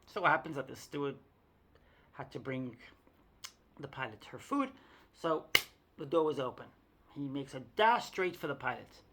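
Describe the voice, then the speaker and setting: A woman's voice: extremely low pitch, expressive, moderate pace, pauses often, a little hiss or hum. A woman vlogger telling a story in a chatty, self-mocking monologue to the viewer.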